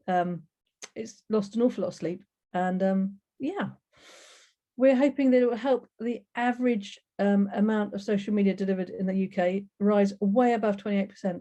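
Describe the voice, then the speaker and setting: A woman's voice: medium pitch, warm tone. A woman giving a chatty, enthusiastic webinar presentation over a video call, with many fillers.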